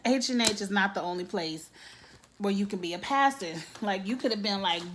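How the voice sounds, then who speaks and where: Blunt, animated woman recapping a TV episode. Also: mid-range voice, moderate pace, a little hiss or hum. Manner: animated, blunt, acts out characters' lines; frequent "like", casual slang. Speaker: TV recap vlogger.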